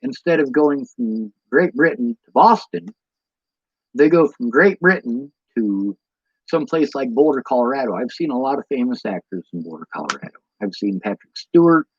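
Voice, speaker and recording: A tired man with a Midwestern American accent wanders from tangent to tangent while talking to his stream chat. His voice is husky and the audio is dull and lo-fi. The sound is dry and close, with no room around it. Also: medium pitch, expressive, normal speed, dry recording. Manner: meandering, goes off on tangents, many ums. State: tired from lack of sleep. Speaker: livestreamer answering chat. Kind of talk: rambling casual livestream talk.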